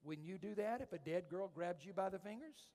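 A man's voice: high voice, lively intonation, brisk. Male preacher, sermon delivery, slightly raised voice, long hall reverb, dynamic storyteller. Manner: storytelling preacher, swinging from hushed to loud and emphatic.

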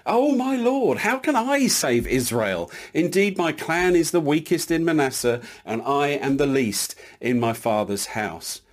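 This is a frightened, doubting young farmer who is sure he is the least of his clan. A man performs him, lifting his pitch high and letting it climb in plaintive, pleading lines. His voice sounds strained and small. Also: animated, measured pace, hardly any pauses. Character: anxious doubting young farmer, timid and self-pitying.

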